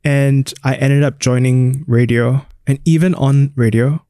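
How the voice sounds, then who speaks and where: A man's voice: medium pitch, steady tone, a little slow, dark tone, clean tone, no room sound, clean studio sound. A man in his thirties from Singapore, a radio DJ talking openly and reflectively about himself in an interview, with some self-deprecating humor. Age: 30s. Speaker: radio DJ and guest. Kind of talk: candid interview conversation.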